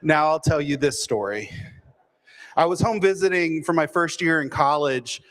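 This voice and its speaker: A man from Texas, telling a humorous personal story with self-deprecating, deadpan timing. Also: on the high side, normal speed. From Fort Worth, Texas.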